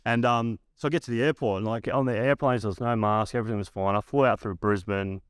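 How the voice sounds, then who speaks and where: This podcast guest is a former professional basketball player, an Australian man in his thirties whose voice sits fairly low with a steady tone. He talks quickly and casually through a long story, cursing freely and stuffing his speech with fillers, "like" most of all. His tone is clean and the studio sound is clean, with no room noise.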